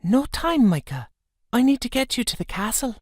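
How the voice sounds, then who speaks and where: A man voicing a mysterious young woman who speaks in a soft, hushed and urgent way. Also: very high voice, very animated, moderate pace, dry recording, clean studio sound, pitched above the performer's own voice, exaggerated voice.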